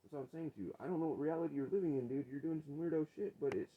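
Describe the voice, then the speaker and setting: A man arguing with his wife on a vlog, profane and confrontational, his voice rising toward yelling. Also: on the high side, very fast, phone-quality sound, slight background noise. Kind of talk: heated domestic argument on a vlog.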